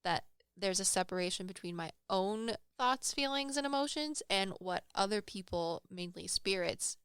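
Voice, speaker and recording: Brief: woman podcast co-host, rambling and self-deprecating storyteller, smooth voice, dry close mic. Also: mid-range voice, expressive, normal speed, a bit bright, no room sound. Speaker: podcast co-host and psychic medium. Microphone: studio microphone.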